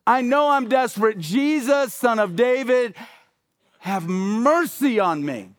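A man's voice: fairly high pitch, animated, quick pace, dry recording, studio quality, voice pushed down, lightly acted. A preacher acting a desperate blind beggar man. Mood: pleading. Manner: pleading, insistent, repeating his cry.

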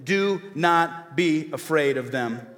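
A man's voice: a little high, animated, slow, a bit bright. A male pastor preaching a sermon to his church, with emphatic repeated refrains and call-and-response. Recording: hall reverb.

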